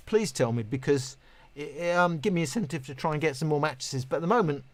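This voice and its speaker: In a dry recording, a British man with a voice on the high side hosts a laid-back live stream, reading messages from viewers. He rambles, starts over often, and laughs at himself self-deprecatingly.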